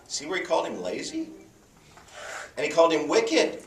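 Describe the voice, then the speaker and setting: A man preaching a sermon, telling a story with animated pitch swings. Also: moderate pace, pauses often. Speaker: pastor. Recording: echoey hall from far off.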